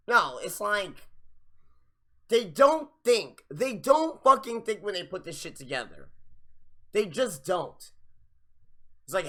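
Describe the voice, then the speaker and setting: A young man hosting a live wrestling review, ranting in a profane, exasperated way with sudden loud outbursts. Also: high voice, very animated, slow pace, pauses often. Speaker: podcast host reviewing wrestling.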